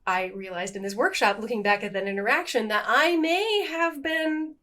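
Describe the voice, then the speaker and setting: A woman's voice: fairly high pitch, moderate pace. A middle-aged woman co-hosting a podcast, chatting casually and laughing at her own slip-ups. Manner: animated, self-deprecating, laughs at herself. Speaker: podcast co-host. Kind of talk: casual chat.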